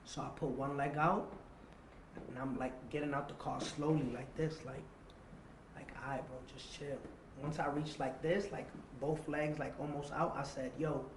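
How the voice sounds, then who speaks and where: A man with a level, somewhat high voice speaks at a moderate pace as an interview guest. He tells a tense personal story, acting out quotes and swearing freely, in an echoey room with faint ambient noise.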